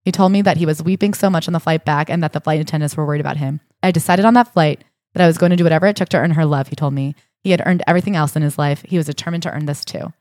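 Female podcast co-host, fast and animated retelling, slightly low voice, dry booth sound. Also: no echo. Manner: animated storytelling, acts out quotes with rising indignation. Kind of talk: casual book discussion.

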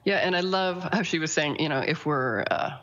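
A woman's voice: sits low, normal speed, a bit bright, dull audio. A woman co-hosting a podcast who responds in an enthusiastic, affirming way. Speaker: podcast co-host.

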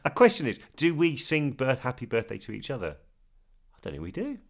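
A man co-hosting a podcast, chatting in an animated way and laughing easily. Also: medium pitch, brisk, vocal fry. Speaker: podcast co-host. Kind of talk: casual chat.

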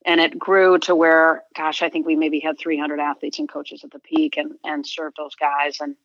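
A woman's voice: low voice, flat delivery, normal speed, no echo, highs cut off. A middle-aged woman guest, a sports agent, talking earnestly and reflectively in an interview, often restarting her sentences. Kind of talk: conversational interview.

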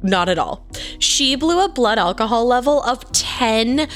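A woman's voice: on the high side, expressive, fairly bright tone, faint music behind. Playful woman podcast co-host. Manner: playful, quick reactions, teasing. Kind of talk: casual true-crime chat.

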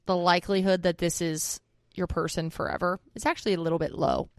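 A woman's voice: fairly low pitch, steady tone, a little fast, no echo, clean studio sound. A young woman co-hosting a podcast, joking and giving emphatic advice in casual chat. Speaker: podcast co-host.

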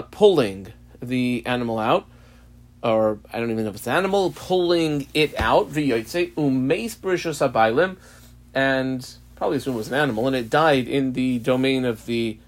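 A man walks through a Talmud page as a teacher, pausing often and restarting his sentences. His voice sits at an ordinary middle pitch. The delivery is a plain study lesson, explaining each case in turn. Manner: explains slowly, many fillers and restarts. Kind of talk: daf yomi study lesson.

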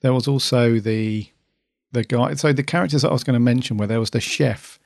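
An easygoing man chats on a podcast with a gravelly, creaky voice. He sounds relaxed and agreeable, and the dry sound puts him close to the mic. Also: medium pitch, brisk, no room sound. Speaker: podcast co-host. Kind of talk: casual chat.

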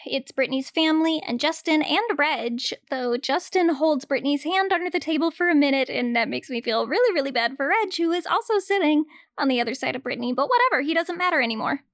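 A woman's voice: sits high, no echo, studio quality. A young woman giving casual commentary on a film, blunt and sarcastic, with casual swearing.

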